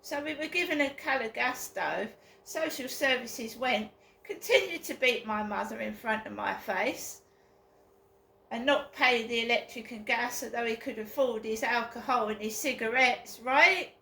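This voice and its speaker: Bitter slow-talking woman venting. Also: a little high, gravelly, bright, forceful tone, echoey room, a little hiss or hum. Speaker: vlogger. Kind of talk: personal vlog monologue.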